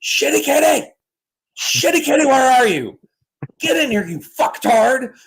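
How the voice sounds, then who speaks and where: A man's voice: very high-pitched, sing-song, measured pace, pitched above the performer's own voice, exaggerated voice, rough recording. A man putting on the voice of a crude redneck neighbor who hollers across his yard for his cat. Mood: hollering.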